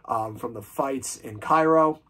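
A man's voice: medium pitch, measured pace, fairly bright tone. A man casually ranking films on his vlog, gushing with fan enthusiasm and swearing freely. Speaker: film reviewer.

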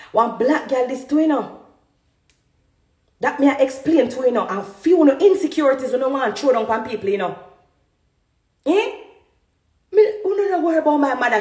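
A medium-pitched woman's voice rings out in a reverberant space as she rants heatedly to camera. She's a social media vlogger with a Jamaican Patois accent, fiery and defiant, repeating herself to emphasize her points.

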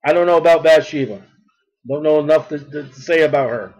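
A man preaching a sermon with fervent delivery, building to near-shouts on his key points. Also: on the high side, a little fast, dull audio.

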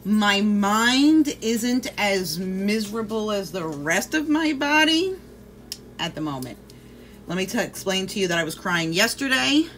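A woman's voice: mid-range voice, animated, measured pace, fairly bright tone, a little hiss or hum. A woman chatting casually on a livestream, swearing freely and greeting viewers by name. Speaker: vlogger.

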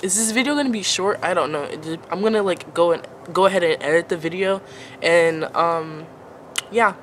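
A woman's voice: fairly low pitch, normal speed, slight background noise. A young woman in her late teens telling a casual storytime vlog, rambling and filling nearly every phrase with "like" and "um.". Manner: rambling, filler-heavy, says "like" constantly. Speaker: vlogger.

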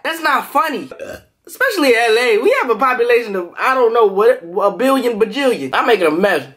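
A man vlogging to camera, telling a story in a lively, animated way and jumping into quoted voices, with features. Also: very high-pitched, brisk. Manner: animated, jumps into quoted voices, laughs often. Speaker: food vlogger.

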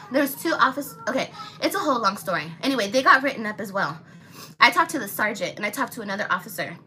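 A young woman vents on a livestream in a blunt, angry, swearing manner. Her voice sits high and sounds bright and sharp. A faint noise floor runs under the recording. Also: lively intonation, a little fast, low-quality recording. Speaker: vlogger. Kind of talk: livestream vlog.

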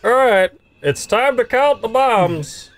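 A man's voice: very high voice, lively intonation, slow pace, fairly bright tone, a little hiss or hum. A young man co-hosting a let's play, teasing his partner and laughing through the game. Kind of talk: casual gameplay commentary.

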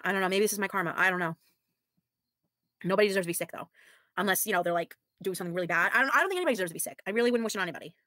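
A woman's voice: mid-range voice, animated, racing, sharp tone, dry recording. Woman in her thirties, worn-out and weary, blunt and sighing, casual livestream chat, dry close sound. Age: 30s. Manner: frank, blunt, sighing, with mild swearing. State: tired, weary. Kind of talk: casual livestream chat reading viewer comments.

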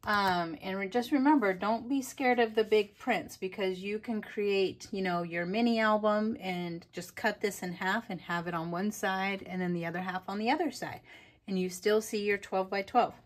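A woman's voice: medium pitch, normal speed. A woman vlogger chatting casually and enthusiastically through a craft product haul, giggling often.

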